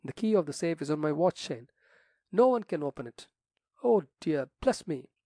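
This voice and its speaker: A man's voice: on the high side, sing-song, moderate pace, warm tone, dry recording, studio quality. A man voicing a fussy, flustered elderly country rector who exclaims and frets.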